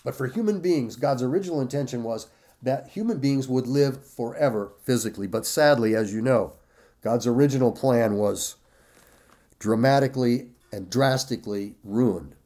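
A man preaching a sermon, slow and emphatic, stressing and repeating key phrases while reading scripture aloud. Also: medium pitch, warm tone. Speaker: pastor.

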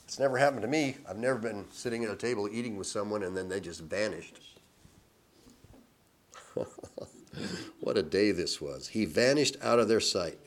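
A man giving informal Bible teaching, reading scripture slowly with emphasis, then chatting and chuckling between verses. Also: fairly low pitch.

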